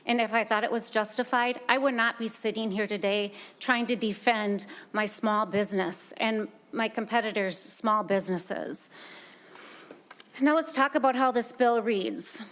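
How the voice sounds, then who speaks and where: A woman from Minnesota delivers testimony in a legislative hearing room. Her voice sits a little high, and she speaks with earnest emphasis, circling back to her main points. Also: a bit bright. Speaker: solar business owner testifying.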